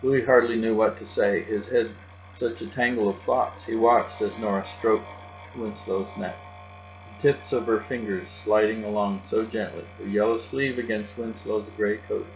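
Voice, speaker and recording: A man reading a children's novel aloud in a steady, gentle narration. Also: on the low side, normal speed. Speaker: audiobook narrator. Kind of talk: children's book read aloud. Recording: dull lo-fi with faint music and hum.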